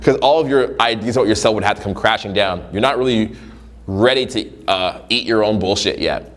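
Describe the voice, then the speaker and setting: A man's voice: lowish voice, fairly quick. A man talking as a dating coach in a casual, profane monologue, acting out little scenes in different voices. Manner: profane, animated, acts out scenarios in voices.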